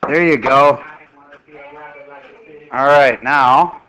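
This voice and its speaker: A middle-aged man teaching a math class, lively and joking as he quizzes his students. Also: mid-range voice, extremely slow, clean tone, poor audio.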